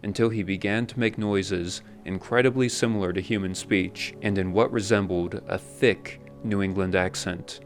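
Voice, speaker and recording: Low-voiced man narrating a documentary. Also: fairly even intonation, normal speed, few pauses, soft background music.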